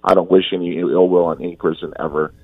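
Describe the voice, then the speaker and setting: A man's voice: low-pitched, steady tone, quick pace, no room sound, phone-quality sound. A man in his forties talking earnestly as an interview guest, often restarting and repeating himself. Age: 40s. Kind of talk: casual interview talk.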